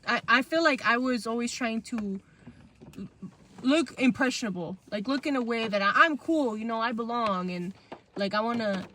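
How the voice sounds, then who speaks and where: A woman's voice: fairly high pitch, moderate pace, sharp tone, slight background noise. A young adult woman hosting a podcast, telling a childhood story in casual slang and acting out the quotes. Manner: chatty, heavy on "like" and "bro", acts out quotes. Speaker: podcast host.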